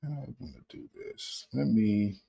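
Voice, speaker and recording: A man hosting a casual livestream, reacting to clips with animated commentary, laughing often and greeting viewers by name. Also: lowish voice, measured pace, gravelly, slight background noise.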